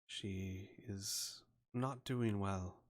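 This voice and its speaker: A man puts on a calm, courteous healer and father, speaking gently in a tabletop game. The voice stays low and soft, close to the narrator's own. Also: drawn-out words.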